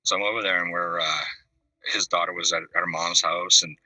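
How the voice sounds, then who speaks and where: A fast-talking man with a low, husky voice tells a rambling story and slips into the voices of the people in it. His voice is bright and swings widely in pitch. He sits back from the mic on a dry video call. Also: little pitch movement, no echo, distant mic, low-quality recording. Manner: rambling anecdotes, acts out the voices of the people in them. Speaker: caller. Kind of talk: casual storytelling.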